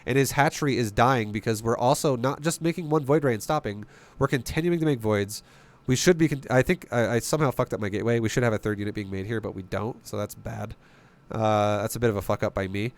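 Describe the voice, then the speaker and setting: A man's voice: medium pitch, quick pace. A man streaming and coaching a strategy game, talking bluntly and emphatically, swearing freely and firing off rhetorical questions.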